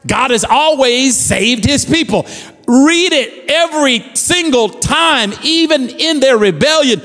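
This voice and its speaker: A man's voice: extremely high pitch, expressive, slow pace, a bit bright, in a large hall. A man preaching a fervent sermon as pastor, repeating phrases and building with rising calls to the congregation.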